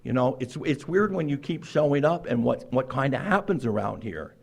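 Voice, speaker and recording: A man in his sixties telling his own recovery story to a meeting, acting out quoted lines with sudden jumps in pitch and loudness. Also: lively intonation, moderate pace, creaky, husky. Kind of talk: personal recovery story told to a group.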